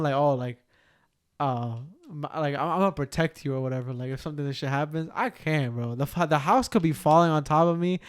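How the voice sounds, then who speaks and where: A man's voice: fairly high pitch, smooth. A young man co-hosting a podcast, telling a story in casual chat, swearing a lot and filling his talk with "like" and "bro.". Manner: animated, swearing, heavy use of "like" and "bro". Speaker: podcast co-host.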